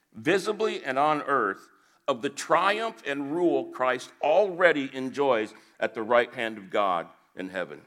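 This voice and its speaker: A man giving a measured, scripted Bible teaching with dry asides. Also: on the high side, sharp tone.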